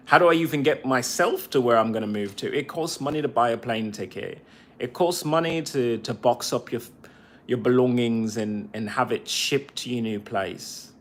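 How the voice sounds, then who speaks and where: A man, a veteran podcaster, talking on a cell phone in a casual livestream monologue, halting and repeating phrases as he vents. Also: medium pitch, fairly bright tone, a little hiss or hum.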